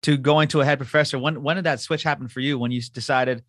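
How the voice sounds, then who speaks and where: A man's voice: medium pitch, steady tone, fast talker, a bit bright, no echo, studio quality. A man hosting a podcast, talking casually and enthusiastically with his guest. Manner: casual, enthusiastic, loose phrasing. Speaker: podcast host. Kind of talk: podcast interview.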